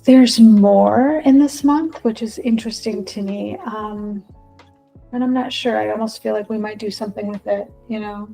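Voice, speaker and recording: A woman leading a group through a guided visualization, speaking in gentle, repetitive, inviting prompts. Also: mid-range voice, moderate pace, creaky, faint music behind. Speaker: spiritual workshop leader.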